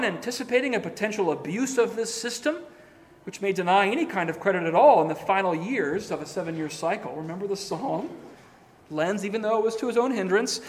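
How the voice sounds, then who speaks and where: High-voiced man preaching in a reverberant hall. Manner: scholarly, emphatic, with swells and drops in loudness. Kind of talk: sermon. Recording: long reverb of a large hall.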